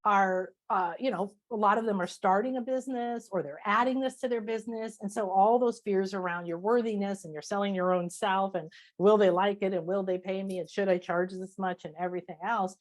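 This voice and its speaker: Woman, spiritual teacher, podcast guest, casual chat, animated, emphatic repetition, medium pitch. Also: brisk, hardly any pauses. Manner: animated, acts out inner voices and self-talk; emphatic, repeats phrases for effect.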